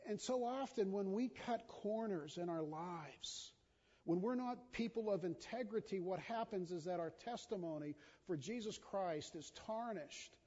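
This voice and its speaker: High-voiced man preaching in a reverberant hall. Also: a little slow, darkish tone. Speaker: pastor. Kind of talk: sermon. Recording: dull sound with long hall reverb.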